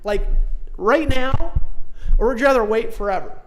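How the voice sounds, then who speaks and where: A man's voice: very high voice, moderate pace, slight background noise. Man, online marketing trainer on a live stream; emphatic, repetitive, folksy sales talk. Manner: emphatic, repetitive, folksy, pushes the audience to commit.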